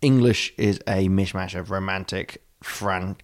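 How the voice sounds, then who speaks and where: Low-ish guy rambling on a podcast, keeps laughing, chatty. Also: fairly even intonation, measured pace. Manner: rambling, laughing, puts on silly accents. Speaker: podcast co-host. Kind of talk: casual podcast chat.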